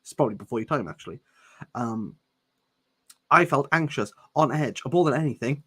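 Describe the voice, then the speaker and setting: A man's voice: mid-range voice, lively intonation, brisk, slightly rough. A man reading a novel aloud and breaking off for sarcastic, jokey commentary. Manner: sarcastic, jokey asides between read passages. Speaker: book reviewer reading aloud. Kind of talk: casual read-along with commentary.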